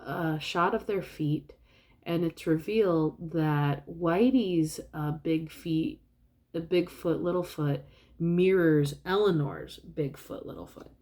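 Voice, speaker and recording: Slow, mellow-voiced woman vlogger. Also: sits low. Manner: rambling, many fillers and restarts. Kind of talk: casual retelling of a film plot.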